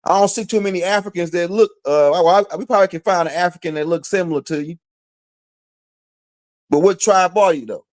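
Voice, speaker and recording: A man's voice: high-pitched, brisk. A man giving a casual, slangy commentary monologue, challenging his target with repeated rhetorical questions. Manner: casual slangy speech with fillers. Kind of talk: direct-address commentary monologue.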